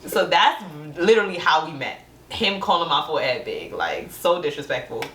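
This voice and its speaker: A young woman telling a couple's story with lively energy, acting out quotes with big jumps in her voice and laughing often. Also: low-pitched, moderate pace. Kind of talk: animated storytelling. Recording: roomy sound from a distant mic.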